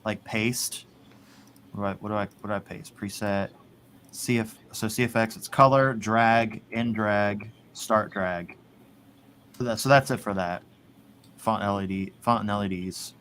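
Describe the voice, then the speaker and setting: A man's voice: on the low side, a little slow, fairly bright tone, slight background noise. A man in casual chat, rambling, swearing and laughing often. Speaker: podcast host.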